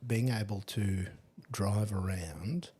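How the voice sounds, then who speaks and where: A man's voice: on the low side, takes it slowly, background noise. An Australian man casually chatting over beers on a podcast, telling travel stories and swearing now and then. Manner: laid-back storyteller, swears casually. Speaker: podcast co-host.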